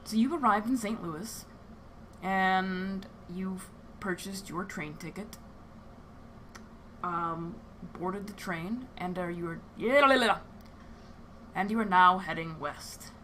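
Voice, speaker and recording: A woman running a tabletop game as storyteller, chatty and loose in her narration. Her voice is bright and forward, with a faint hiss of noise behind it. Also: medium pitch, takes it slowly, long pauses. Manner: chatty, laughs often, trails into filler words. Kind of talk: casual narration of a live-streamed tabletop game.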